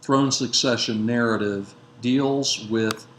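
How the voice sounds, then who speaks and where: A male lecturer walks through an old narrative at an unhurried pace, pausing on fillers and correcting himself as he goes. His voice sits in a mid register. The recording has a roomy echo with a faint hiss of background noise. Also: mid-range voice, fairly even intonation. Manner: measured, with frequent fillers and self-corrections. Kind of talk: lecture retelling a biblical narrative.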